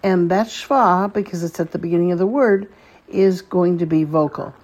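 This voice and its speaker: Woman, language teacher, patient, slow and deliberate, husky low voice. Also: darkish tone. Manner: patient, repeats words slowly for learners. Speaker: Hebrew teacher. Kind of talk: slow spoken lesson.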